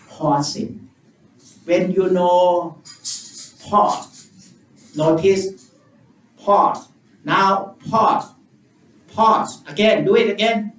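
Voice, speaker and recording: A Buddhist monk with an Indonesian accent leads a meditation in slow, simple, repetitive English, leaving long gaps between his words. He is heard from a distance in a reverberant hall, with a faint hum of room ambience behind him. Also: high voice. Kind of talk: guided meditation teaching.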